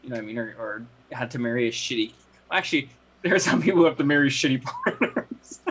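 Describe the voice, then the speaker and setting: A man's voice: mid-range voice, expressive, fast talker, background noise. A young man co-hosting a podcast in casual chat, earnest and reflective, often restarting his sentences. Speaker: podcast co-host.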